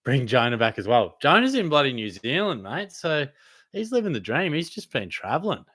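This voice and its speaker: A young Australian man hosting a casual live stream Q&A, answering viewers' fantasy football questions in a relaxed, blokey way and calling them mate. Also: medium pitch, moderate pace, no room sound. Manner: laid-back, blokey, calls viewers mate.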